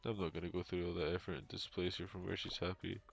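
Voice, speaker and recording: A man's voice: sits low, level tone, fast, creaky. A man streaming a game from home on a headset, rambling casually with lots of fillers and dry jokes. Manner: rambling, filler-heavy, joking. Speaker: streamer and young father. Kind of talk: casual gaming stream chat. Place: home room. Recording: dull lo-fi sound with music behind.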